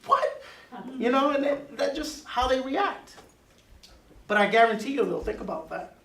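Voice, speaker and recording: A man's voice: very high-pitched, animated, normal speed, a bit bright, roomy sound, recorded from a distance, low-quality recording. A man teaching a Bible class, emphatic and repeating key words for stress.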